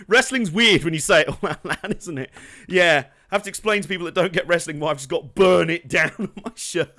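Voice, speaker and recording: A young man giving casual, jokey gameplay commentary, laughing often, swearing, and bursting out excitedly. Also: on the high side, fairly quick. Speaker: let's play host.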